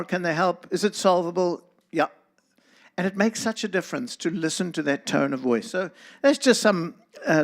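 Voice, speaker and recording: Earnest high-voiced South African man. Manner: earnest, preacherly, speaks to listeners by name. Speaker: guest speaker. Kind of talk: church talk to a congregation.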